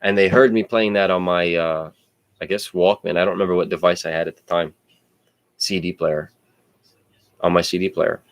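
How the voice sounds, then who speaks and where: A man casually telling personal stories in an animated, digressive way, swearing freely. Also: low voice, normal speed, pauses often, no echo. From United States. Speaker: podcast host.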